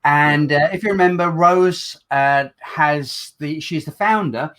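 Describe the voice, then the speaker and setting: A man's voice: fairly high pitch, measured pace, a bit bright, clear, resonant tone. A man hosting a casual chat show in a chatty, self-deprecating way, speaking with a Black Country accent and sometimes stumbling over words. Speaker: host.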